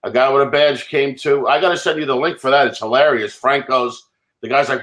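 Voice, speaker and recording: A man's voice: mid-range voice, steady tone, brisk, a bit bright. Blunt, profane man arguing insistently. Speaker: livestream participant. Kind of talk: heated live webcast argument.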